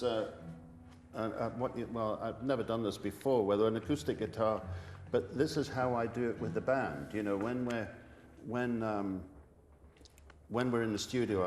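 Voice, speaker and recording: An older man, a musician guest speaking haltingly with many restarts in a radio studio interview. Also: fairly low pitch, reverberant, long reverb tail. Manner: halting, many restarts, soft-spoken, sings with guitar. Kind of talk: relaxed interview with sung and played song snippets.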